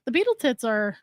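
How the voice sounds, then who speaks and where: A woman co-hosts a casual podcast, enthusiastic and swearing freely. Her voice sits a little high. The recording is dry and close. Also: no echo. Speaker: podcast co-host. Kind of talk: casual chat.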